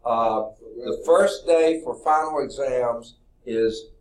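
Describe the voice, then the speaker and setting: A man's voice: medium pitch, slow, darkish tone. A man teaching a math class, rambling and thinking aloud with frequent okays. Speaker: math professor. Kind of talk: classroom lecture. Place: lecture classroom.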